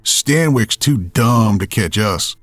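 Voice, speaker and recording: A man's voice: fairly low pitch, lively intonation, slow pace, a bit bright, no echo, faint music behind, pitched below the performer's own voice, full character voice. A man voicing a smug young male killer with a swaggering drawl, in a horror story reading.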